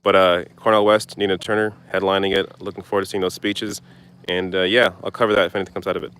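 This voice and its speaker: A man's voice: low voice, level tone, fast talker, a bit bright, clear, resonant tone. A young man hosting a casual live stream outdoors, answering viewer questions in a blunt, loose way. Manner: casual, blunt, swears and laughs off distractions. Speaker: political commentary host. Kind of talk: live stream Q&A reading chat.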